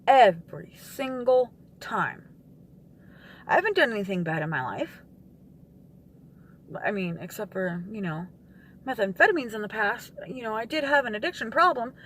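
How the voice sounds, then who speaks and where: A woman vlogger venting to her camera, frustrated and swearing, with sighs and pauses. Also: fairly high pitch, sing-song, a little hiss or hum.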